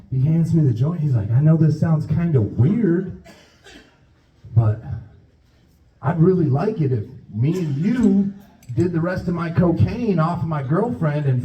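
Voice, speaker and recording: A man doing stand-up, telling a rambling, profane story and acting out both sides of the conversation. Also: a little high. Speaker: stand-up comedian. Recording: roomy, distant, dull club recording.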